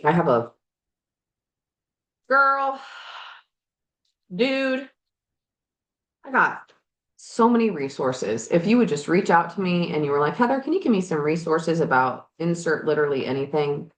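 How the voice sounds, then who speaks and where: A woman life coach and podcast host talking frankly and animatedly, now and then swearing, while working on projects in her garage. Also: low-pitched. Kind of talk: candid motivational chat. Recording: roomy echo.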